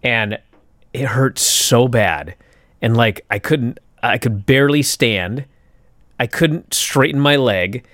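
Young adult man, podcast co-host, animated storytelling, cursing, mid pitch, dry sound. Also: takes it slowly, no room sound. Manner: animated, swearing, acts out his own thoughts. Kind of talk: casual storytelling chat.

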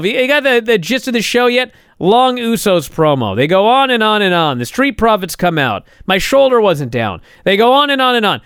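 A man's voice: high-pitched, a bit bright, clean tone, no room sound, studio quality. A man giving a casual, sarcastic recap of a wrestling show, exasperated and building to indignant outbursts.

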